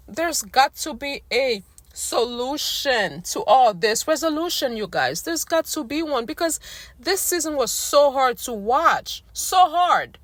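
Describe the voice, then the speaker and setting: A woman's voice: fairly high pitch, lively intonation, moderate pace, a bit bright, no echo. A woman ranting casually to her viewers in a blunt, slangy, exasperated way while she is losing her voice. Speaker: recap vlogger. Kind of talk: casual rant to camera.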